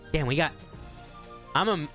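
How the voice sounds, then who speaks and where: A man's voice: a little high, slow, sharp tone, soft background music. A man streaming a game and teasing his friends in casual banter, joking and laughing often.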